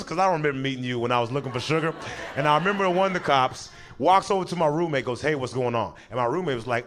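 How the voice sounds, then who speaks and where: A man doing stand-up, telling a long story and acting out the people in it with quick voice changes. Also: fairly high pitch. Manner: animated, acts out characters in quick voices, breaks into laughter. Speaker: stand-up comedian.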